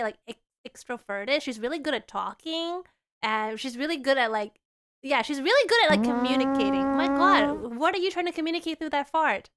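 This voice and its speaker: A woman's voice: high-pitched, a bit bright. A woman VTuber chatting casually on stream, bubbly and rambling, with lots of "like". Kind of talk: casual live-stream chat.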